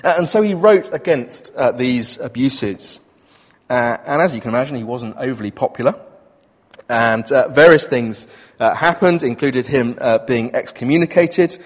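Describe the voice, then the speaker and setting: A man's voice: mid-range voice, normal speed. Hesitant male preacher in a big hall. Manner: conversational, hesitant with many fillers. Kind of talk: sermon with a history lesson. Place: church hall with an audience. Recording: long reverb of a large hall.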